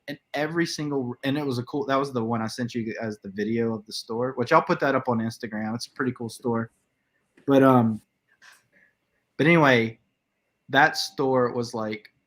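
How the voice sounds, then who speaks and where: A man co-hosting a casual movie podcast, telling an animated story, acting out other people's lines and laughing often as he goes. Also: medium pitch. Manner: laughs often mid-sentence. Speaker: podcast co-host. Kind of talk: casual chat.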